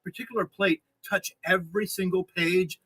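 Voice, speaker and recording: A man's voice: high voice, steady tone, moderate pace, pushed and bright, husky, dry recording, rough recording. A man joking around off to the side during a live stream, teasing the host. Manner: teasing, playful heckling.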